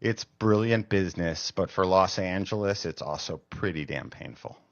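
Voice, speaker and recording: A man giving measured, scripted narration for a video essay, adding his own opinions. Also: low voice, vocal fry, no room sound. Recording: dull, dry clip audio.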